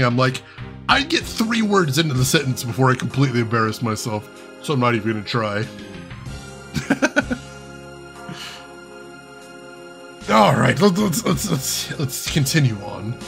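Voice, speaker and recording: Chatty, animated male streamer. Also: medium pitch, measured pace, vocal fry, long pauses, faint music behind. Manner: chatty, laughs often, answers chat. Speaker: gaming streamer. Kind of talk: casual gaming commentary.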